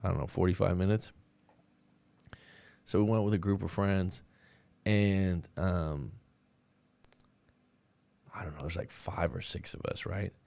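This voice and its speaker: Gravelly low-voiced man, rambling coach. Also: steady tone, measured pace, pauses often, a little mellow, no room sound. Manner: rambling, restarts often, calls listeners "boss man". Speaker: breakup coach and podcast host. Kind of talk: casual live-stream chat and storytelling.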